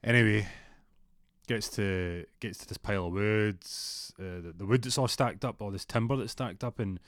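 A man's voice: fairly low pitch, moderate pace, no echo, studio quality. Rambling man telling a story. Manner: rambling, full of restarts. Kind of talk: casual spoken storytelling.

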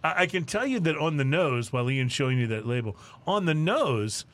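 A man's voice: a little high, sing-song, fairly quick, fairly bright tone. A man hosting a casual podcast chat, talking with many fillers and laughing often. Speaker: podcast host.

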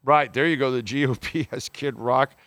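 A man's voice: medium pitch, moderate pace, fairly bright tone, no room sound. A man hosting a radio show, reading listener messages aloud and giving blunt, opinionated takes, swearing casually and calling people bro. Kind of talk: casual call-in radio talk.

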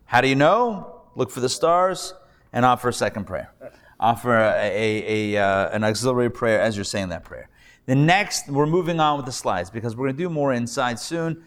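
In a reverberant classroom hall with a live audience, a rabbi drills Hebrew reading with his students, showing patience. He has a mid-range, fairly bright voice with lively intonation and speaks at normal speed.

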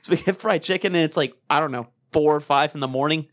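A man's voice: on the high side, fast. A young man in casual chat, telling funny stories with frequent laughter and acted-out quotes. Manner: animated, laughs often, acts out quotes. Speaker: storyteller guest.

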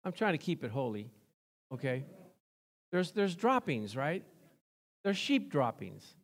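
A man preaching a sermon, swelling into excited call-and-response with repeated amens and storytelling. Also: on the high side, measured pace. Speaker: pastor.

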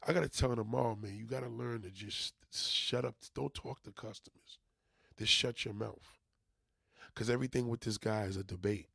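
A man's voice: lowish voice, normal speed, creaky, fairly bright tone, slightly rough, no echo, clean studio sound. A man who runs a junk removal business, venting to his viewers in a profane, emphatic casual rant.

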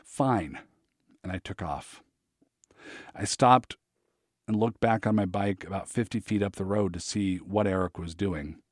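A man narrating his memoir in a measured, reflective way. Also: deep voice, steady tone, no echo, clean studio sound.

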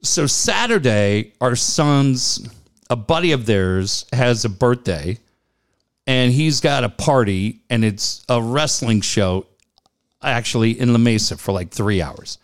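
Animated man telling a family story. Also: mid-range voice, takes it slowly. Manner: animated, laughs often, repeats "I go". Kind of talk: casual storytelling chat.

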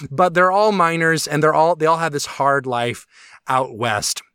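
A man's voice: a little high, measured pace, sharp tone, smooth, no room sound, studio quality. A man co-hosting a podcast, talking in a casual, enthusiastic, rambling way with many restarts and fillers. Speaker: podcast co-host. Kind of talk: casual chat.

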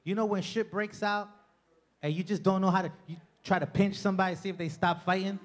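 A man doing a stand-up comedy set in a club, loud and profane, working the crowd and mocking people with impressions. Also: high voice, steady tone, fairly quick.

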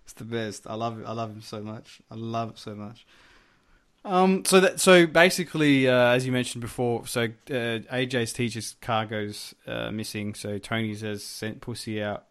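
A man co-hosting a podcast, talking in an animated, casual way and swearing freely as he acts out scenes. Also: mid-range voice, normal speed, smooth. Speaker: podcast co-host. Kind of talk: casual chat.

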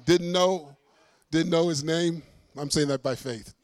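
A middle-aged man preaches a testimony as a lively storyteller, slipping into the voices of the people in his tale and poking fun at himself. His voice sits fairly high for a man. The sound is dry and close, with no room echo. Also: measured pace. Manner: lively storyteller, acts out dialogue, self-mocking humor. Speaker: preacher and singer giving a testimony.

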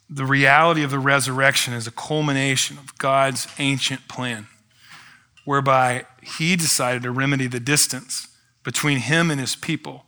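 A man's voice: mid-range voice, sharp tone. A male pastor delivering a sermon in a conversational style, with rhetorical asides and emphatic build-ups.

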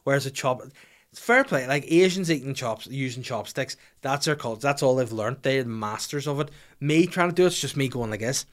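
A man's voice: medium pitch, lively intonation, brisk. A young man hosting a comedy podcast, swearing freely and acting out little scenes as he rants. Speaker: podcast host.

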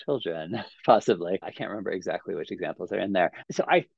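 A man's voice: low voice, lively intonation, fast talker, creaky, darkish tone, husky, no room sound, lo-fi sound. A man in his forties, a podcast guest, talking in a thoughtful, hedging way in casual interview chat. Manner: thoughtful, hedging with frequent "I think".

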